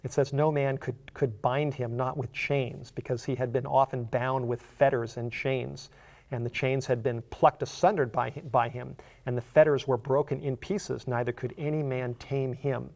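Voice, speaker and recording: A man's voice: mid-range voice, steady tone, moderate pace, gravelly, darkish tone. A middle-aged man preaching a sermon, reading scripture aloud and explaining it in a conversational way, with fillers and repeated words.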